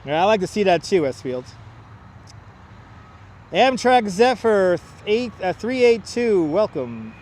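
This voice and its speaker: A man's voice: high-pitched, very animated, a little slow, long pauses, darkish tone, a little hiss or hum. A man hosting a planespotting livestream outdoors, chatty and joking as he calls out incoming flights on a clip-on mic. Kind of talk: casual live commentary. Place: outdoors near an airport. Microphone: wireless clip-on mic.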